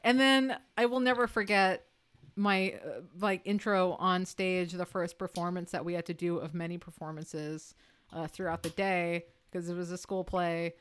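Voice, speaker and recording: A woman co-hosting a casual chat, telling school stories with animated energy and frequent laughter. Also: on the low side, normal speed, clean tone. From Brooklyn, New York.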